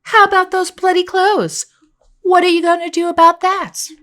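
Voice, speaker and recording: A woman's voice: very high voice, level tone, moderate pace, a bit bright, voice pushed up. A woman reading an audiobook, voicing a brash, pushy adult woman friend who talks bluntly and bossily. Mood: pushy, incredulous. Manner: blunt and bossy.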